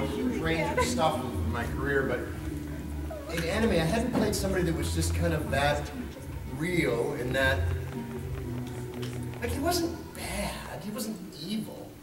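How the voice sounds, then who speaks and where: A man's voice: fairly high pitch, sing-song, unhurried, over loud music. A man answering questions at a convention panel, joking, swearing and laughing often as he tells stories. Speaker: voice actor, convention panel guest. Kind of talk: casual panel Q&A. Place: large convention hall. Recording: echoey hall, distant mic, loud crowd noise.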